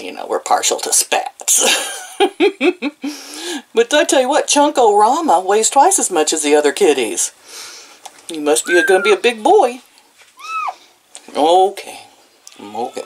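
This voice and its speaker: An older woman vlogs casually at home, cooing sweetly at her animals in baby talk and laughing often. Her voice is lowish, and there's slight background noise.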